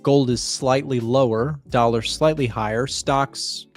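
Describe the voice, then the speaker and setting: A man's voice: mid-range voice, steady tone, a little slow, soft background music. A man hosting live market commentary, explaining economic data and questioning a guest. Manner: conversational, explains and asks questions. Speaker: trading show host.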